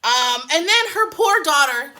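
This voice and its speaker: A woman giving a casual reaction review of a TV show in animated, profane, rambling rants. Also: high-pitched, unhurried.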